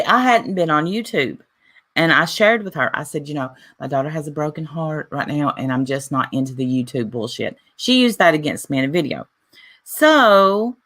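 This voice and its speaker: A woman's voice: deep voice, fairly bright tone. A woman vlogging casually, retelling a dispute with lots of "I said, she said" and reading messages aloud. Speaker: YouTuber. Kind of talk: casual vlog monologue.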